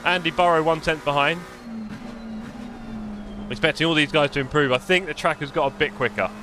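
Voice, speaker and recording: A chatty man commentates his own sim race on a live stream, joking and muttering to himself as he works. His voice sits a little high for a man. A faint noise hums under the recording. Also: a little fast. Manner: chatty, jokey, mutters while fiddling with setup.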